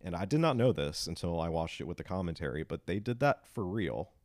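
A man co-hosting a film podcast, recapping scenes casually and bursting into loud quoted lines. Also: sits low, brisk, no echo, studio quality. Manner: retells scenes in animated bursts, quoting lines loudly. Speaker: podcast co-host.

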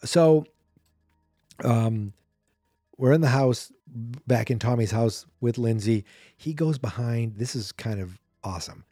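Male podcast host, dry close mic, mellow tone, loose self-correcting movie recap. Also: mid-range voice, takes it slowly, pauses often, no room sound, faint music behind. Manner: rambling, chatty, self-correcting. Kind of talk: casual movie recap commentary.

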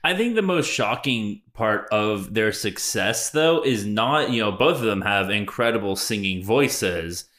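American male co-host, bright lively joker, recorded in an echoey room. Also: on the low side, measured pace, few pauses. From United States. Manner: joking, teasing. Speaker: podcast co-host. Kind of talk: casual chat.

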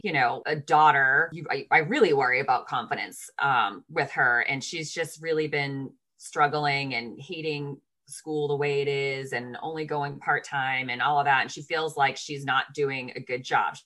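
A woman co-hosting a podcast, an animated storyteller who swears casually in relaxed chat. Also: low-quality recording. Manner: animated storyteller, voice jumps high when reliving moments. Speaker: podcast co-host.

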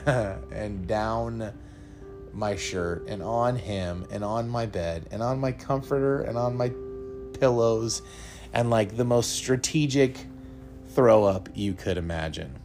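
A young man with a low, gravelly voice hosts a podcast and tells a personal story to his listeners. He speaks earnestly and laughs now and then. Soft music plays faintly behind him. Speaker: podcast host.

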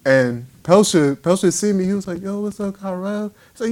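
Young man, slightly high voice, animated, laughing storyteller among friends. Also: moderate pace.

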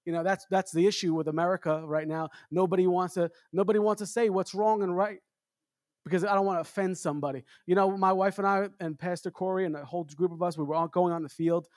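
A traveling minister preaching to a congregation in a chatty, storytelling way, often adding "amen" and restarting phrases. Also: male voice, high-pitched, steady tone, fast, a little mellow, no room sound, studio quality. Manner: conversational preaching with repeated amens. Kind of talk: sermon.

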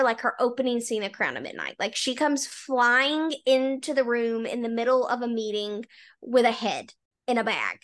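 A woman's voice: fairly high pitch, a bit bright. Chatty young woman gushing about books. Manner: chatty, emphatic, many "like" fillers. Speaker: book podcast co-host. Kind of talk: casual chat.

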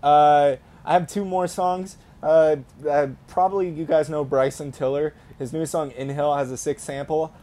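A man's voice: fairly high pitch, fairly even intonation, normal speed, hardly any pauses, mellow. A young man co-hosting a casual podcast, telling a story in a rambling way with many fillers and restarts. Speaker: podcast co-host.

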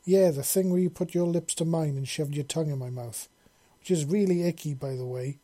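A man's voice: on the high side, fairly quick, dark tone, natural voice. A man voicing a young black-furred feline girl who sounds timid at first and then speaks bluntly. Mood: frank.

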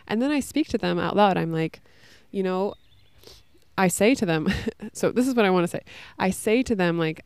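A woman's voice: fairly low pitch, lively intonation, a little fast, gravelly, darkish tone, smooth, no echo. A young woman hosting a solo podcast, talking in a casual, reflective way with many fillers. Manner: casual, frequent "like" and "you know". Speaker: podcast host.

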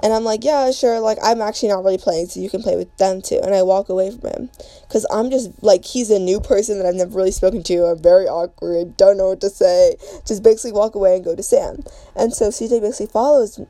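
A woman's voice: mid-range voice, steady tone, fast, dark tone, no room sound. Rambling young woman telling a story. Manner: rambling, filler-heavy, slangy storytelling. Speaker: podcast host. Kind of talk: casual storytime chat.

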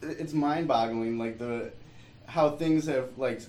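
A man from Detroit chatting casually in a thoughtful, laid-back way, pausing often with fillers. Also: mid-range voice, darkish tone, echoey room, a little hiss or hum, poor audio. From Detroit, USA. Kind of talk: casual chat.

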